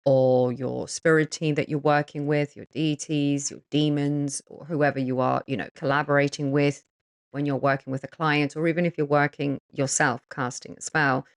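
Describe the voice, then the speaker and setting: Woman, lowish voice, blunt and frank, casual to-camera chat, swears freely, chatty with lots of tag questions. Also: clean tone. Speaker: spiritual practitioner offering spell consultations.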